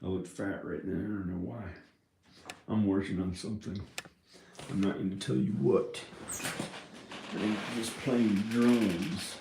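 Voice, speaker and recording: A man talks to the camera in a meandering monologue, sliding between half-finished thoughts. His voice sits on the low side. The room echoes noticeably, with a faint hiss underneath. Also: fairly even intonation, a little slow, vocal fry, pauses often. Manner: meandering, trailing off and restarting thoughts. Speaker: vlogger. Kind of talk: rambling casual monologue. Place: inside his house. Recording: roomy echo in a house.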